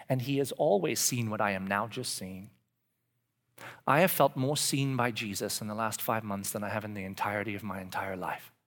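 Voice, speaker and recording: A pastor in his forties with a mid-range voice delivers a confessional sermon. He sinks to hushed whispers, then surges into loud, animated outbursts.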